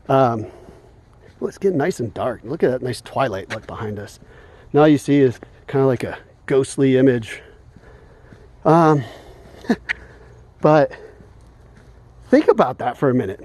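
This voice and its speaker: A man's voice: medium pitch, expressive, a little slow, pauses often, darkish tone, no echo. A man vlogging while walking outdoors in the evening, talking in a heated, indignant way and chuckling often between points. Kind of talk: casual rant while walking.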